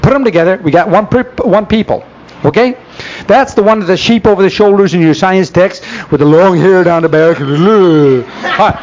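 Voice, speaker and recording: A man's voice: sits high, moderate pace, a little mellow, muffled recording, a little hiss or hum. A man giving a folksy, sarcastic church lecture, full of rhetorical questions, on an old 1970s tape. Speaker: speaker.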